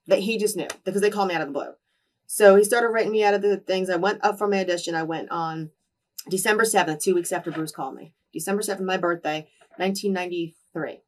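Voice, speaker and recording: A woman in her twenties as an interview guest, telling candid stories with lively quoted voices and frequent swearing. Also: on the low side, fast talker, distant mic. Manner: animated, acts out quoted voices, swears freely. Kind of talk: candid storytelling in a shoot interview.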